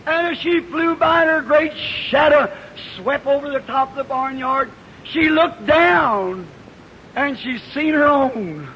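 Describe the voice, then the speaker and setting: A man preaching a revival sermon, telling a folksy story that builds into shouted fervor, heard on an old archival tape. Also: very high-pitched, slow, slight background noise. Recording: dull old archival tape in a reverberant hall.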